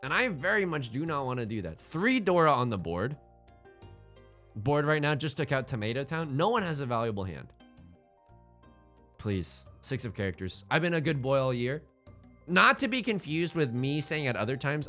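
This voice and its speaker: A man's voice: medium pitch, very animated, moderate pace, fairly bright tone, faint music behind. A man hosting a let's play with joking, self-mocking game commentary, often pleading with the game for the tiles he wants.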